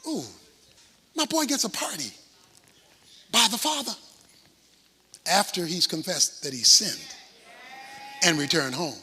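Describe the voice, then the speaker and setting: A man preaching a sermon, dramatic, swinging from shouts to hushed asides. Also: high voice, very animated, slow pace, pauses often, husky, long reverb tail.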